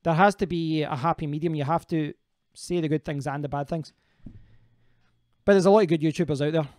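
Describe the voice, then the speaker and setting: A man's voice: fairly high pitch, fairly even intonation, a little fast, darkish tone, no room sound, clean studio sound. A man hosting a casual live stream, rambling as he answers viewers' comments and often restarting his sentences.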